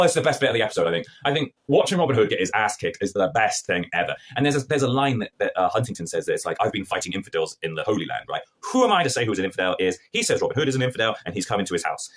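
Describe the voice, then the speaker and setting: A man talks quickly through a TV episode he dislikes, and he sounds exasperated and sarcastic. His slangy retelling swings widely in pitch, jumping up and down as he mocks the characters. He keeps up a rapid, lively rant throughout. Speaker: film and TV reviewer. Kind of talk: ranting review to camera.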